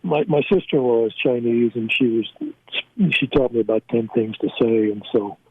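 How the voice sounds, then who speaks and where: A man's voice: mid-range voice, breathy edge, no room sound. Older man rambling over a phone line. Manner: halting, many fillers and restarts, laughs at own stories. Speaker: guest, former team scout. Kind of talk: storytelling in a casual interview. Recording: tinny phone line, dry.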